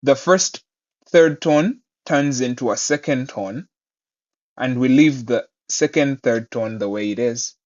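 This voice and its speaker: A man teaching Mandarin pronunciation, saying each word twice and explaining it clearly. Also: medium pitch, slow pace, darkish tone, muffled recording. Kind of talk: pronunciation lesson.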